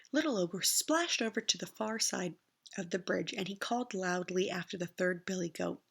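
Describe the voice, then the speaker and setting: A woman's voice: lowish voice, creaky, slightly rough. A woman teacher reading a picture book aloud to kindergartners, telling it expressively. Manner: expressive storytelling, slow and deliberate.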